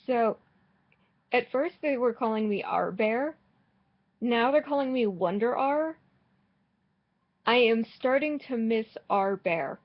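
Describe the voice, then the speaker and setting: A woman rambles through casual commentary on her game, dry and sarcastic, with blunt swearing and frequent false starts. She talks at an unhurried pace. The recording is a little dull and lo-fi, like a cheap home microphone. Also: fairly high pitch, animated. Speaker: gaming vlogger.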